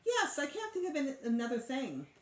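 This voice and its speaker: A woman's voice: huge pitch swings, moderate pace. A woman voicing a fussy, boastful young girl who complains and exaggerates, read aloud from a storybook. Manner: complaining, exaggerating, high-strung. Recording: echoey room.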